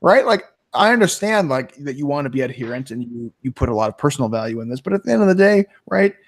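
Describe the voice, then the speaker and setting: Animated man in casual chat. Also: quick pace. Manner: animated, swears freely, pitch jumps high when making a point. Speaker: co-host.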